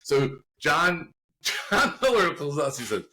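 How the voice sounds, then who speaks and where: Bright-voiced man telling a story. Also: fairly high pitch, takes it slowly, poor audio. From Baltimore area. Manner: animated, laughing anecdote telling. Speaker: guest actor. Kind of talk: casual storytelling.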